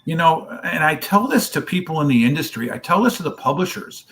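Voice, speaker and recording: The founder of a children's charity, a man, tells a long story in an interview, acting out each person's lines as he goes. His voice is on the high side, expressive and fairly bright, and he speaks briskly.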